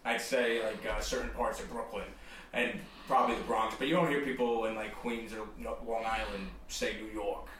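A man's voice: on the low side, fairly even intonation, normal speed, a little hiss or hum. Brief: New Jersey-accented man, brash casual talker, roomy distant sound. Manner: loud, swearing, laughing. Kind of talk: casual chat. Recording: echoey room, distant mic.

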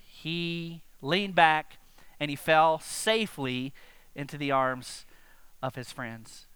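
A man preaching a sermon to his congregation, animated and direct, often asking them questions. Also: on the high side, smooth, no echo. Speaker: pastor.

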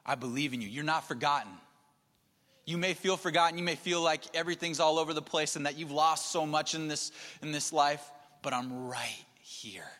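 Bright-voiced preacher in a reverberant hall. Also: male voice, on the high side, fairly even intonation, a little fast. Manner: shifts between soft near-whispers and emphatic raised passages. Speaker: pastor. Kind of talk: sermon.

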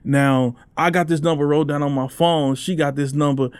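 A man's voice: a little high, fairly even intonation, moderate pace, darkish tone, smooth, no room sound. A man telling a story in casual podcast chat, laughing often and acting out the people he quotes.

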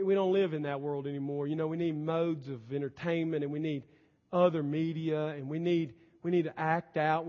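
A man preaching a sermon in a high voice, pressing his points hard and then dropping his volume low. The sound is dull and lo-fi, with a long reverb trailing through the church sanctuary. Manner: emphatic preaching, swinging between loud and soft. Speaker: pastor.

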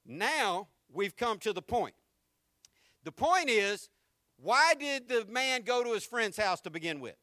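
A man with a high, bright voice preaches to his congregation in a lively, conversational style, full of slang and jokes. He often repeats a word as he gets going. The recording is dry and close, with little room sound. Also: a little slow, dry recording. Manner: repeats words when starting sentences. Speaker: pastor. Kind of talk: sermon.

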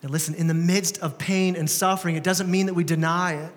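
A man's voice: sits high, steady tone, a little fast. A man preaching a sermon as pastor, conversational and emphatic, often repeating words. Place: church. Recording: reverberant church hall.

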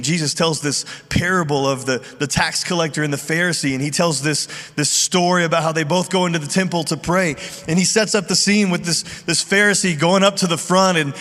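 A man's voice: fairly high pitch, a bit bright. A middle-aged man preaching a sermon as a pastor, earnest and conversational, often restarting his phrases. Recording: long hall reverb.

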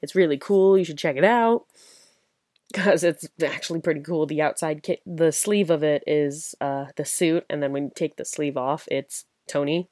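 A young woman hosts her own podcast late at night, tired but enthusiastic as she rambles and giggles through a casual solo fan chat. Her low voice has a darkish tone and normal speed, recorded in studio quality with no room sound.

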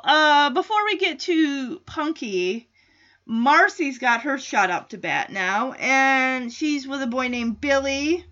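A woman's voice: high-pitched, creaky, a bit bright, highs cut off. A woman hosting a podcast, recapping an episode in a casual, rambling way and thinking aloud with many fillers and restarts. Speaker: podcast host.

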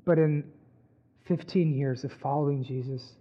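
A man's voice: on the high side, fairly even intonation, a little slow. A man preaching a sermon in a conversational way, often checking in with the audience. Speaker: pastor. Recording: dull, muffled sound.

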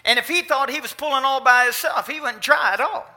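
A man's voice: extremely high pitch, fairly quick, bright, forceful tone, pitched above the performer's own voice, exaggerated voice. A man voicing a plain-spoken country farmer who talks in a folksy, matter-of-fact way. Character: plain-spoken rural male mule farmer.

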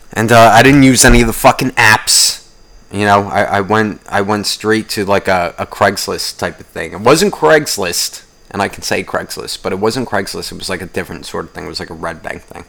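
A young man hosting a podcast, telling a rambling everyday story in a profane, animated ranting way. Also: on the low side, vocal fry. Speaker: podcast host. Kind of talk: casual solo podcast rant.

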